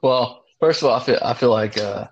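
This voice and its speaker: A man's voice: medium pitch, normal speed, breathy edge. A young man co-hosting a casual podcast, laid-back and crude, saying "dude" a lot. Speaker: podcast co-host. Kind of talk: casual chat. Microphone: remote call line. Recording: slightly dull lo-fi audio.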